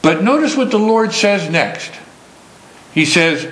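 A man preaching a sermon slowly and emphatically, stressing key words. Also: high voice, expressive, fairly bright tone, echoey room, poor audio.

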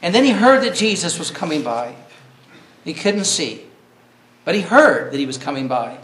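A man's voice: a little high, sing-song, normal speed, a bit bright, echoey room. A man preaching a sermon earnestly, reading scripture and rising to cries when he quotes.

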